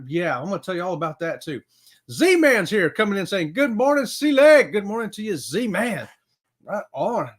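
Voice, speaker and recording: A man's voice: sits high, a bit bright. A man hosting a casual livestream from his home office, upbeat and chatty, greeting viewers and whooping now and then. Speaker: livestream host.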